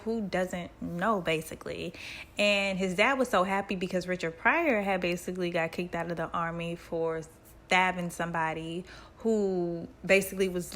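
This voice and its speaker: A woman's voice: fairly low pitch, a bit bright. A woman casually retelling a book in slangy, conversational language. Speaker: book summary narrator.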